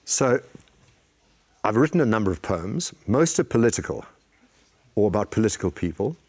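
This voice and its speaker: Low-voiced man chatting. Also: moderate pace. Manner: relaxed anecdotal storytelling. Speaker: guest. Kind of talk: casual talk show chat.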